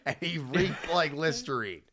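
A man's voice: fairly high pitch, animated, unhurried, crowd noise. A man co-hosting a casual podcast chat, laid-back and agreeable, often chiming in. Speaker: podcast co-host.

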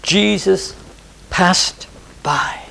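A male preacher delivers his sermon slowly and deliberately, with fervent repeated pleas and questions to his listeners. His voice sits high for a man and carries a gravelly rasp. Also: bright, forceful tone. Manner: impassioned, repeated urgent pleas and rhetorical questions.

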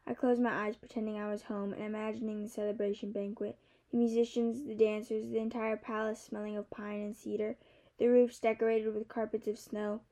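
A young woman reading a novel aloud in the first person, measured and softly expressive. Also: mid-range voice. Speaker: audiobook narrator.

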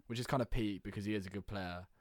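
A young man co-hosting a podcast, chatting and arguing in animated, casual banter and rattling off lists of names. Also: fairly low pitch, fast talker. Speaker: podcast co-host.

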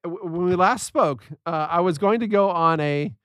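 Man, high voice, animated storyteller, laughs a lot, casual podcast chat, dry close sound. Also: normal speed, clear, resonant tone, dry recording. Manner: animated storyteller, laughs often, acts out quotes. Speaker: podcast co-host.

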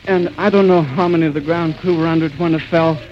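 High-voiced man on a 1930s live radio report. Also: steady tone. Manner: urgent, halting, with many restarts. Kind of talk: live eyewitness radio commentary. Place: outdoors at an airfield. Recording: dull 1930s radio recording with faint hiss.

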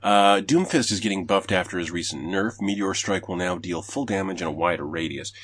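A man's voice: low-pitched, a little fast, slightly rough. A man hosting a casual gaming podcast, reading headlines and ranting with swearing and restarts. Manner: swearing, rambling, animated rants. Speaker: podcast host.

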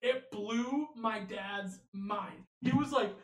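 A young man co-hosting a casual sports podcast, an excitable storyteller who laughs often. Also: sits high, takes it slowly, roomy sound, distant mic. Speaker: podcast co-host.

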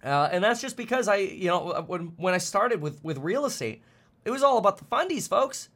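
A man's voice: sits high, big pitch swings, normal speed, a bit bright. A man streaming finance commentary, ranting bluntly and fired up, often stumbling over repeated words.

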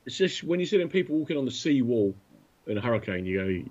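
Man, mid-pitched, lively anecdote teller, muffled lo-fi recording. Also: fast. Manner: animated anecdotes with acted-out voices. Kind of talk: casual storytelling chat. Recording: dull lo-fi sound.

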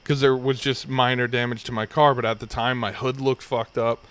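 A young man in a laid-back podcast chat, spinning a rambling anecdote and swearing freely as he goes. His voice sits in an ordinary middle pitch and the delivery stays loose and conversational. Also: little pitch movement, normal speed, fairly bright tone, no room sound. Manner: rambling, profane anecdote telling. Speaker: podcast host. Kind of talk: casual storytelling chat.

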